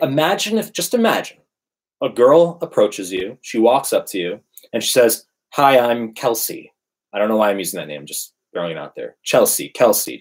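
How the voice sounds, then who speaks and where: A man's voice: mid-range voice, slightly rough. A man in casual conversation, emphatically preaching his dating advice. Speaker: dating coach. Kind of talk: casual podcast chat.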